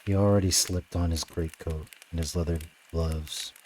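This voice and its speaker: A man reading a novel aloud on a live stream in a steady narrating voice. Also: low-pitched, normal speed, slight background noise, rough recording. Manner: steady narration, with offhand asides. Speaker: reader.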